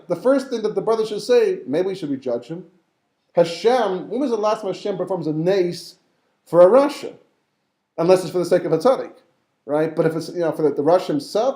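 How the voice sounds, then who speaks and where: A rabbi leads a lively Torah class, his fairly high voice lifting whenever he acts out a character in the story. The tone is mellow, and the room gives it a clear echo. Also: a little fast.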